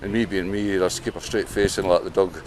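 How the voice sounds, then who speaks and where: A man's voice: deep voice, fast. A Scottish man working as a dog trainer, chatting casually outdoors while training a dog on a town street. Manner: relaxed, chatty, coaxing commands to the dog. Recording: street noise behind the voice.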